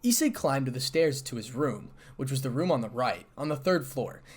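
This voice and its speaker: A man narrating a fan fiction story aloud with steady storytelling delivery. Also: mid-range voice, a little hiss or hum.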